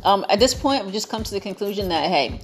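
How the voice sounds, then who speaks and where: Young american woman vlogging, chatty and playful, keeps repeating words for emphasis, soft music under it. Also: medium pitch, expressive, quick pace. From United States. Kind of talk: casual chat to viewers.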